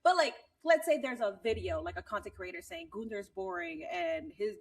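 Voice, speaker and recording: A woman co-hosting a casual podcast chat, animated and swearing freely, laughing often. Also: mid-range voice, moderate pace, distant mic. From Latina. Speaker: podcast co-host.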